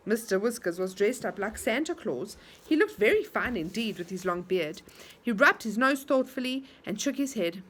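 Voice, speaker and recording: A woman reading a storybook aloud to a child in an animated way, stopping to ask questions. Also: a little high, moderate pace.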